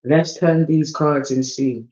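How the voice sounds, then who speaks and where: His voice is a little high and a little mellow, steady in tone and slow. The man, an English oracle card reader heavy on London slang, gives a loose, casual tarot-style reading that alternates between hype and mumbles, on somewhat dull lo-fi audio.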